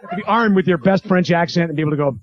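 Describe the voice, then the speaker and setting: A man performing a stand-up routine in a comedy club, slipping into quick character voices and chatting with the crowd. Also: sits high, noisy background. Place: comedy club stage with live audience. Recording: dull lo-fi 1980s club tape.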